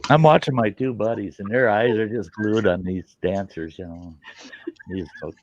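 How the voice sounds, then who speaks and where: A man's voice: on the low side, creaky, no echo, muffled recording. A man hosting a casual chat, rambling through crude stories and laughing at them. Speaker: host.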